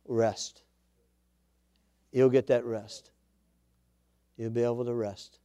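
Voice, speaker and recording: A man preaching a sermon, reading scripture aloud and swelling louder on the quoted words. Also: mid-range voice, clean tone.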